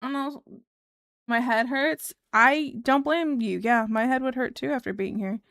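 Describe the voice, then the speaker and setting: A woman streamer rambling casually to her chat, full of fillers and giggles. Her voice is fairly high, and the sound is close and dry with no room around it. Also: normal speed, a bit bright, no echo. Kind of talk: casual chat reading viewer comments.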